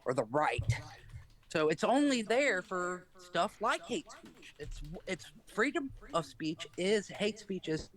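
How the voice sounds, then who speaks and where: A man arguing his point in a casual stream chat, in a lively, argumentative way. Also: high-pitched, slow pace.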